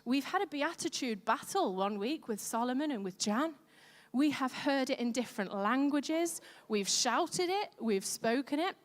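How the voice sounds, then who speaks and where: A woman preaching a sermon in a lively, conversational way. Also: sits high, a little slow, hardly any pauses. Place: church hall. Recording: echoey church hall.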